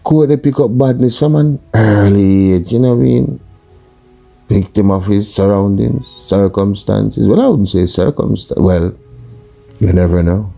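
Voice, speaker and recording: A man's voice: on the low side, measured pace, gravelly, dark tone, faint music behind. A man with a Jamaican accent telling a true crime story in a casual, colourful, conversational way.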